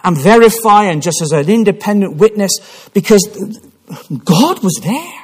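A man's voice: sits high, expressive, moderate pace, slightly rough. A man preaching a sermon in church, telling a story with passion and frequent restarts. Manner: impassioned storytelling with repeated restarts.

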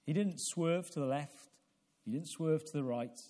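Preaching man with a mellow voice. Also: fairly high pitch, moderate pace. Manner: rhetorical questions, rising to emphatic peaks; repeats words when restarting. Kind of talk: evening sermon.

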